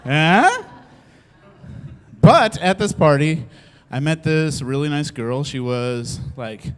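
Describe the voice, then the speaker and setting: This time he takes it slowly, his smooth voice a little high, while telling an amusing story from his own life on stage. He stays animated, laughs a lot and acts out what the others said.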